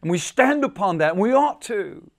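A male pastor preaching a sermon at a men's retreat, repeating phrases and swinging between soft and loud for emphasis. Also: very animated, moderate pace, vocal fry. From United States. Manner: repeats phrases, rises and falls in pitch and volume for emphasis.

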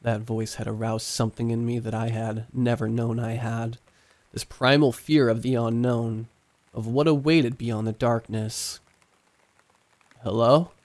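A man narrating a scripted horror story in a hushed, suspenseful way. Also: medium pitch, level tone, measured pace.

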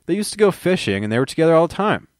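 A man's voice: a little high, big pitch swings, very fast, no echo, clean studio sound. A man who hosts his own channel, reading an audiobook aloud and then rambling through joking banter with himself. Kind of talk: audiobook reading with casual chat.

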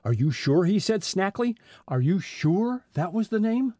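Guy voicing a chill detective dad, kinda husky, lively lilt. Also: high-pitched, no room sound, pitched above the performer's own voice, exaggerated voice. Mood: serious. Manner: measured, amused then businesslike. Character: calm middle-aged detective father, genial and assured.

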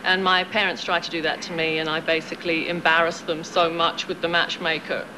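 A woman's voice: lowish voice, level tone, fairly quick. A woman with a London British accent, a guest on a talk show, chatting frankly and joking about her work and family. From England. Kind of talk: casual chat. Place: TV studio with audience. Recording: hissy dull 1990s TV broadcast.

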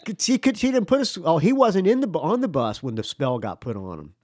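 A man's voice: fairly high pitch, very animated, fairly quick, a little mellow, no echo. A man hosting a podcast who chats casually with his guest and laughs often. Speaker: podcast host. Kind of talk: casual interview chat.

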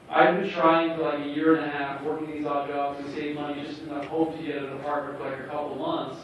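Thirty-something guy telling a story on a cinema stage, kinda high voice, echoey hall, dull sound, crowd noise. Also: fast talker, few pauses, recorded from a distance. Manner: animated, acts out the other man's lines. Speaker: guest storyteller. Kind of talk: live storytelling. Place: cinema stage before an audience. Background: audience laughter and room ambience.

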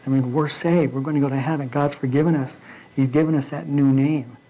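Halting, mellow-voiced male preacher. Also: mid-range voice, fairly even intonation, rough recording. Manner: halting, with frequent fillers and restarts. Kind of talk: informal midweek sermon. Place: church.

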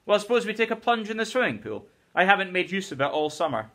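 A man voicing an eager, hesitant wealthy 1920s gentleman during a classroom read-aloud, coaxing and fond of saying "old sport". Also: high voice, very animated, quick pace, voice pushed up, full character voice. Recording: teacher's recorded lesson video.

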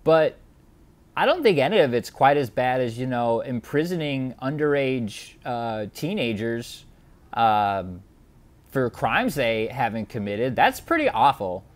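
A man giving satirical reaction commentary on a video clip. He sounds mock-outraged and sarcastic, and his pitch swoops up and down. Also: very animated, measured pace. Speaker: YouTube commentator.

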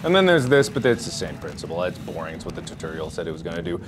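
A man in his thirties, a gaming YouTuber doing let's play commentary, animated and yelping as he plays in VR, winded from moving. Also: sits low, very fast, noisy background. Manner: animated, yelps and jokes while playing VR.

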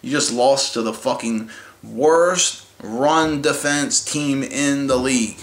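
A man's voice: mid-range voice, slow pace. A man ranting about his football team in a heated, profane, mocking way. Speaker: sports fan ranting. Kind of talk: angry rant vlog. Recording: echoey room with faint noise.

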